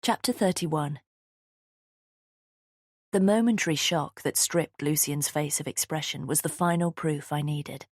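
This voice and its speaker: A woman narrating a thriller audiobook in the first person, tense and steady, on a close studio mic. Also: low-pitched, a little slow, long pauses, breathy edge, no echo. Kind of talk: scripted narration.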